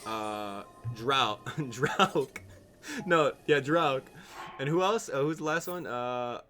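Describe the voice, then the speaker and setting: A man's voice: mid-range voice, slow pace, pushed and bright, soft background music. A young man chatting casually while streaming a game live, joking with viewers and laughing often. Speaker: gaming streamer. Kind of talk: live gameplay stream chat.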